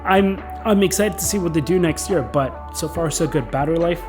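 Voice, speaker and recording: A man in his thirties talking casually to camera as a tech vlogger, relaxed and chatty with plenty of fillers. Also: fairly high pitch, fairly quick, over loud music. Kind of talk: casual vlog talk to camera.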